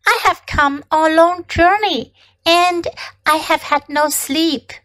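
A woman's voice: very high voice, takes it slowly, bright, forceful tone, voice pushed up, exaggerated voice. A woman reading aloud and voicing a timid, polite little boy prince in a storybook.

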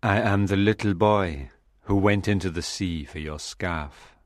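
A man voicing an earnest, proud young gentleman in love, reading a storybook aloud. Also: sits low, unhurried, breathy edge, no room sound, studio quality. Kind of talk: audiobook reading of a graded reader.

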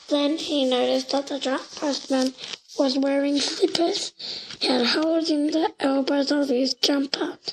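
A woman reading a children's storybook aloud, slow and deliberate, with occasional slips. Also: high voice, a little hiss or hum, poor audio.

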